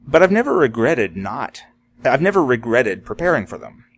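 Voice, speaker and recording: A man's voice: mid-range voice, very animated, moderate pace, creaky, slight background noise. Plain-spoken man musing to camera. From Florida, USA. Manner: plain, reflective, with frequent "you know" and "um". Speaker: vlogger on disaster preparedness. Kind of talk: casual unscripted monologue.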